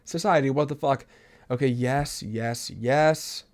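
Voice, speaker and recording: A young man hosting a podcast, telling stories in a casual monologue that swings from loud outbursts to low mutters. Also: slow pace. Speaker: podcast host.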